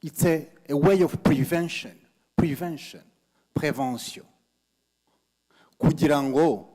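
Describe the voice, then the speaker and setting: A man's voice: fairly high pitch, a little mellow. A man moderating a memorial gathering, speaking emphatically, repeating key phrases and mixing Kinyarwanda, English and French.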